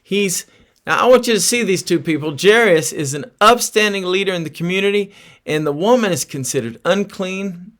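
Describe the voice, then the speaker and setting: A man preaching a sermon in an earnest storytelling manner, asking his listeners direct questions and dropping low and soft on key phrases. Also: moderate pace.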